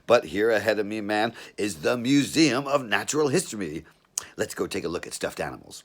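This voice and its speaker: A man's voice: fairly low pitch, animated, brisk. A man reading a novel aloud in a laid-back first-person drawl, tacking 'man' onto his phrases. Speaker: reader.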